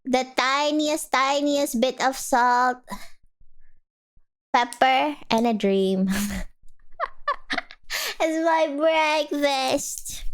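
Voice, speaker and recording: A young woman streamer chatting casually with her viewers, reading their messages aloud, giggling often and rambling between topics. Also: sits high. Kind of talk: casual chat with live viewers.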